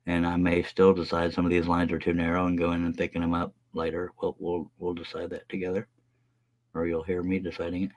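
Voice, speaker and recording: This workshop live stream features a scroll saw pattern maker sketching a design and chatting easily, "y'all" and all. He speaks a little fast in a low, monotone voice.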